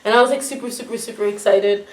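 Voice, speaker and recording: A young American woman from Florida chatting with her roommates, telling a story with lively, shrieking acted-out quotes. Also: mid-range voice, fast talker, echoey room, noisy background. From Florida, USA. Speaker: vlogger. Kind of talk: casual chat, mukbang.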